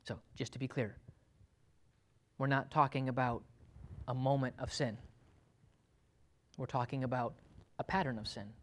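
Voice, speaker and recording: A male pastor preaching a sermon to his church, swinging from loud urgent pleading to quiet, low, earnest asides. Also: steady tone, unhurried, long pauses.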